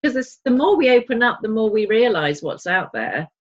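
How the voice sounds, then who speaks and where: A woman's voice: a little high, sing-song, moderate pace. A woman co-hosting a spiritual chat podcast, talking in a chatty, reflective way. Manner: chatty, reflective, with folksy asides. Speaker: podcast co-host. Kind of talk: casual chat. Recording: slightly dull lo-fi audio.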